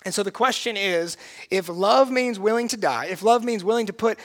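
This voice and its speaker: A pastor delivers a sermon in a high-sitting voice at a moderate pace. He is earnest and emphatic, moving between hushed, quiet passages and loud, forceful ones.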